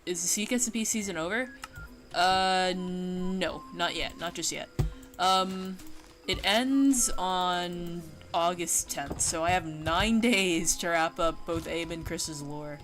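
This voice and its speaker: A woman streaming a game, chatting loosely and rambling through plenty of fillers and restarts. Her voice sits on the low side, and she breaks into sudden yelps at the game. Game music plays clearly behind her the whole time. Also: slow pace, fairly bright tone. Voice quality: worries her voice sounds nasal. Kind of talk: casual gaming stream chat.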